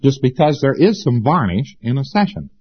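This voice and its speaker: A man's voice: medium pitch, big pitch swings, moderate pace, slightly rough, dull audio. A man giving an informal lecture to students, folksy and sarcastic, hammering points home by repeating them. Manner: folksy and sarcastic, with emphatic repetition.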